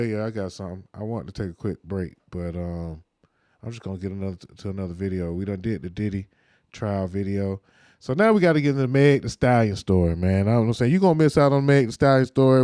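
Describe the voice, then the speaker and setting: A man's voice: fairly low pitch, dark tone, clear, resonant tone, no echo, clean studio sound. A man hosting a casual livestream podcast, loose and rambling with lots of fillers and slang. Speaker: podcast host.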